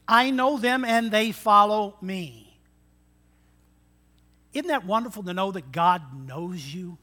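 A man in his sixties delivers a sermon with a lively preaching style. His voice sits high and sounds bright and forceful, rising on emphatic lines and dropping low for asides. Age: 60s. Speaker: pastor.

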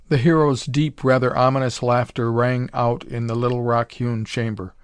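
A man narrating a pulp adventure story in a measured, dramatic reading. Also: medium pitch, little pitch movement, clear, resonant tone, dry recording. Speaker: audiobook narrator.

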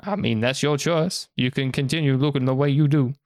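A man's voice: medium pitch, brisk, voice pushed up, close to an everyday voice. A man voicing an eager male clothing merchant with pushy sales patter. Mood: persuasive.

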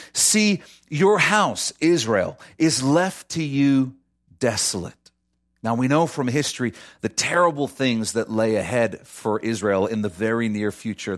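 A man preaching a sermon as pastor, swinging from high, ringing quotes down to low, soft conclusions, with direct asides to his listeners. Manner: addresses the congregation directly, conversational asides.

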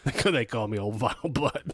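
A man's voice: mid-range voice, big pitch swings, normal speed, a bit bright. A man co-hosting a podcast, trading jokes in wry, casual banter. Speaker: podcast co-host. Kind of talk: casual chat.

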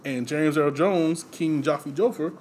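A man's voice: fairly high pitch, measured pace, darkish tone, a little hiss or hum. A man co-hosting a casual podcast, sharing movie trivia in a loose, rambling way full of fillers. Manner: loose, rambling delivery with frequent fillers and laughs. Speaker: podcast co-host.

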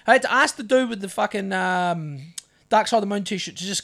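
A New man tells a story in a high-pitched voice, swearing constantly as he acts out his side of a confrontation. He is a podcast co-host still recovering from covid, and his delivery is loud and lively. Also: a little fast. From New Zealand. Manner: profane, animated storyteller acting out his own lines. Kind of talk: casual storytelling chat.

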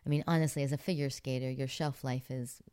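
Middle-aged actress from Pittsburgh, chatty interview guest, very deep and smooth for a woman. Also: steady tone, fast, mellow. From Pittsburgh, USA. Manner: chatty, many fillers, laughs often. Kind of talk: relaxed interview storytelling.

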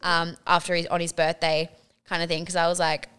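A woman co-hosting a podcast, telling an animated, sweary story in casual chat. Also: lowish voice, a little fast, smooth. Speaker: podcast co-host.

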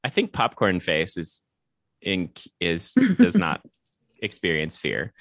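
Very animated voice, nerdy podcast chat. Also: sits low, slow, no echo. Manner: enthusiastic, nerdy, laughs mid-sentence. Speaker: podcast co-host. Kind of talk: casual chat.

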